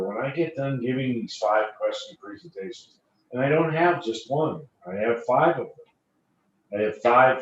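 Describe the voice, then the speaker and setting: A man on a panel, telling sales stories and repeating phrases for emphasis, heard through a video call. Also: medium pitch. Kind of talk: panel talk with anecdotes. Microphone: video call computer mic. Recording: echoey, distant, dull lo-fi call audio, faint hiss.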